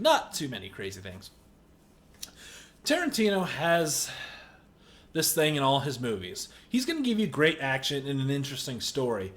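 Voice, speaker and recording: A man ranting indignantly in a movie review video, exaggerated, and shouting at times. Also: mid-range voice.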